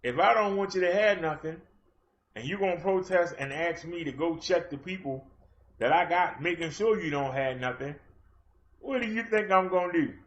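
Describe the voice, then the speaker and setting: A man's voice: a little high, moderate pace. Fiery confrontational man ranting on a livestream. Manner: fiery, confrontational, challenges his chat. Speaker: livestream host. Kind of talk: livestream rant. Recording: dull lo-fi stream audio.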